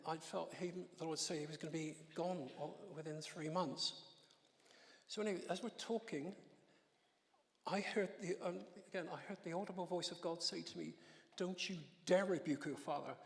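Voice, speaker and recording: Gravelly man giving an emotional church testimony. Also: fairly high pitch, big-room sound. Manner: emotional, halting storytelling with restarts and soft laughs. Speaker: guest speaker giving testimony. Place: church hall.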